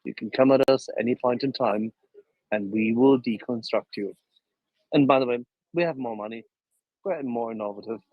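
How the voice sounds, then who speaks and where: A man's voice: medium pitch, moderate pace, no room sound, muffled recording. A man hosting a casual online panel, mocking and theatrical in his delivery.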